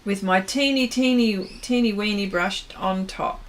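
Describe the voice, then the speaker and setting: A woman's voice: mid-range voice, a little slow. A woman hosting an art livestream, chatting casually while she paints and reading viewers' comments aloud, often trailing off mid-sentence.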